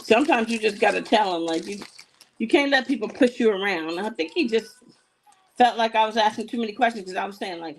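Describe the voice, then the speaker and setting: A woman with a medium-pitched voice talks a little fast while hosting a live jewelry show, filling the gaps between items with casual chat, sassy stories and asides to viewers. The recording is low quality.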